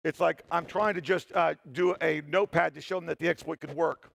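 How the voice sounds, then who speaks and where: Man, conference talk on stage, animated storytelling, self-deprecating jokes, gravelly, dry close sound. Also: on the high side, fairly quick, no room sound. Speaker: security tester giving a talk. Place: stage in a hall.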